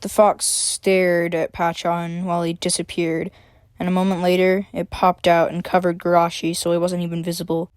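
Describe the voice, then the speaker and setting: A woman's voice: on the low side, little pitch movement, moderate pace, clean tone, dry recording, clean studio sound. Woman reading her own story aloud. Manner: chatty intro with fillers, then plain reading.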